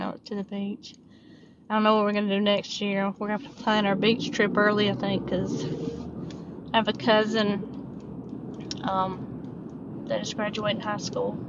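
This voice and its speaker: A middle-aged Southern woman from upstate South Carolina rambles on in a casual vlog, full of ums and restarts. Her voice sits at an ordinary pitch and is picked up by a mic set some way off. The recording is dull and lo-fi, with clear noise underneath. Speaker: diamond painting vlogger. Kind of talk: casual chat while crafting. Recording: distant mic, muffled lo-fi sound, background noise.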